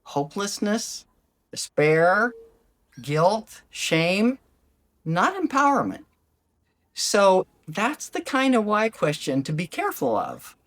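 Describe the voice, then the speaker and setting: An older woman hosting a solo talk as a life coach, gentle and animated, acting out the questions she quotes. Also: medium pitch, slow pace. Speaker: podcast host, life coach. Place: lives abroad in Ecuador.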